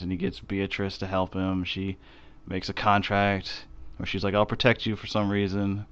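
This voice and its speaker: A man co-hosting a casual chat show, rambling through a profane, animated retelling. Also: on the low side, normal speed, clean tone, dull audio. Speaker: podcast co-host.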